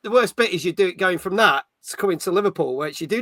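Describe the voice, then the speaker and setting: Bright high-voiced man hosting a chatty show. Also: lively intonation, quick pace, no room sound, clean studio sound. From Yorkshire, England. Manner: laughs easily, reads chat aloud. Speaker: podcast host. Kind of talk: casual chat, reading viewer comments.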